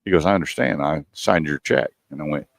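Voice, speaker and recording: Deep-voiced man telling a story on radio. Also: fairly quick, vocal fry, no echo, clean studio sound. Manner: animated storyteller acting out quoted dialogue. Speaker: radio show host. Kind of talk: casual storytelling chat. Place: radio studio.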